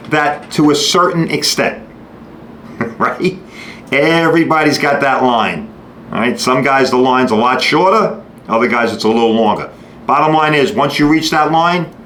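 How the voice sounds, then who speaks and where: A man's voice: mid-range voice, fairly bright tone. Blunt, ranting New man. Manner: acts out customers and shop staff in quick quoted bits. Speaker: podcast host. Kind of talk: opinionated monologue. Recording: echoey room with faint noise.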